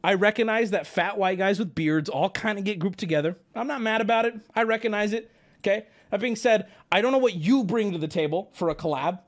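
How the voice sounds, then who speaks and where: On a live stream, a young man riffs and rants casually at a brisk clip, rambling, swearing, and breaking into sudden high, squeaky outbursts.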